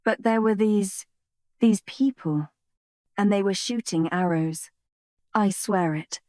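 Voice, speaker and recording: A woman's voice: medium pitch, slow pace, darkish tone, no room sound, studio quality, lightly acted. A woman voicing a tearful, pleading teenage girl. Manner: trembling, pleading. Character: tearful apologetic teenage girl best friend.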